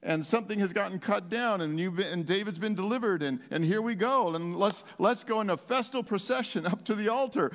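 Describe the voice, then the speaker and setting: A man preaching a sermon in a church, exuberant and animated, rambling into asides and laughing often. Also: sits high, brisk, hardly any pauses. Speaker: pastor. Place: church sanctuary. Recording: long hall reverb.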